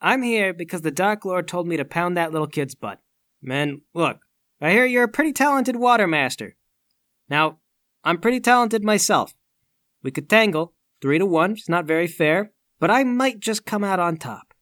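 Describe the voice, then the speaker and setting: A man playing a tabletop game, speaking in character with a smooth, threatening manner. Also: high-pitched, lively intonation, moderate pace, a bit bright, no echo, clean studio sound. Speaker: player.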